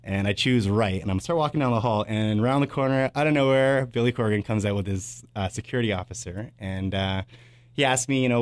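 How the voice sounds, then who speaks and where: A man's voice: lowish voice, steady tone, fairly quick, no echo. A man in his thirties, a radio host telling casual, rambling stories on air with lots of filler words. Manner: rambling and anecdotal, full of "uh" and "blah, blah".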